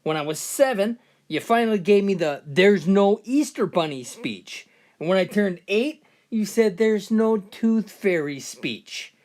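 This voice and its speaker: A woman's voice: medium pitch, lively intonation, a little slow, darkish tone, natural voice. A woman voicing a cheeky, mouthy young boy with blunt punchlines.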